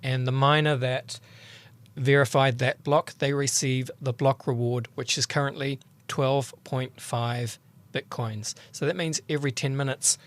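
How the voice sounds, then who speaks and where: A man's voice: medium pitch, steady tone, measured pace. A man with a mid-range voice speaks as a podcast guest. He explains patiently and steadily, laying his points out one at a time. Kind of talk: explanatory interview talk.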